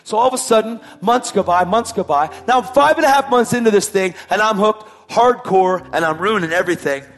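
A man's voice: sits high, fairly quick, hardly any pauses, fairly bright tone. A man telling his personal testimony in an emphatic way, repeating his phrases for weight. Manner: emphatic, repetitive storytelling. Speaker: testimony speaker.

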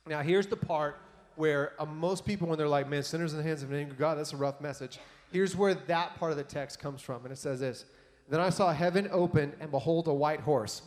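A man preaching a sermon in a conversational, animated way, reading scripture and adding casual asides to his audience. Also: a little high, a little fast. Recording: long hall reverb.

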